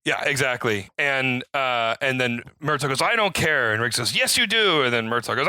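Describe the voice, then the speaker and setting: Bright-voiced man recapping a movie. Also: fairly quick, few pauses, dry recording, clean studio sound. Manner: animated retelling, acting out quotes with rising pitch. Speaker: podcast co-host. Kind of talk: casual movie recap chat.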